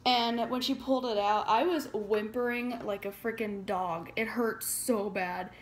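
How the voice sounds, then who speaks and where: Teen girl vlogger, casual storytime, chatty and dramatic, slightly high voice, faint room hum behind. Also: steady tone, measured pace. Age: teens. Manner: chatty, says "like" a lot, dramatic retelling.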